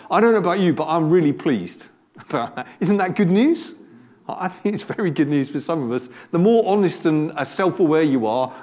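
A man delivers a sermon in a relaxed, conversational manner. His voice sits fairly high for a man. He stumbles over and repeats words now and then, and often turns his points into rhetorical questions for the listeners. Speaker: pastor.

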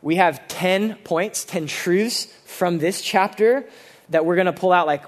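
Earnest high-voiced male preacher. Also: measured pace. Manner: earnest, conversational preaching with many fillers and restarts. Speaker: pastor. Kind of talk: sermon.

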